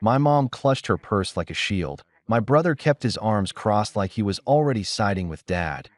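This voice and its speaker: A man narrating a first-person story in a measured, dramatic storytelling manner. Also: on the low side, lively intonation, no echo.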